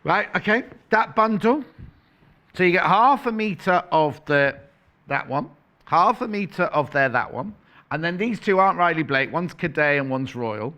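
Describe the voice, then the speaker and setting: A man hosting a live shopping channel, talking in a bright, fairly high voice that swings up and down a lot. His patter is chatty and playful, full of asides and price call-outs from a studio. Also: lively intonation, measured pace. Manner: chatty, playful, self-correcting, reads out prices.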